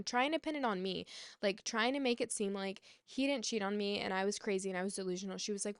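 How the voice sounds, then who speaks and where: A young woman tells a personal story, chatty and exasperated, her speech full of "like" and "um." Her voice sits at an ordinary pitch and comes out smooth and clear. The sound is dry and close, with no room echo. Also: quick pace. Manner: chatty, frequent "like" and "um" fillers; exasperated, emphatic. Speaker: vlogger. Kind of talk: casual storytime monologue.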